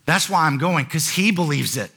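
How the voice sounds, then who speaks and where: A man's voice: fairly high pitch, animated, moderate pace, vocal fry, pushed and bright, husky. A man preaching a sermon as pastor, conversational in tone and building to emphatic repeated lines.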